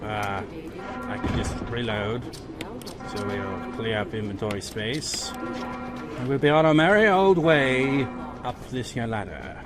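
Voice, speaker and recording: Guy doing a sarcastic lets play, swears a lot, slow talker, game music going. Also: mid-range voice. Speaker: let's play gamer. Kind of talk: casual gameplay commentary.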